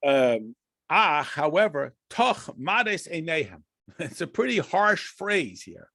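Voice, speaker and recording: A man's voice: fairly high pitch, very animated, slow, gravelly, pushed and bright, no room sound, studio quality. An American man teaching a conversational Torah lesson, asking and answering questions with frequent restarts and chuckles. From United States. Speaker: rabbi teaching a class.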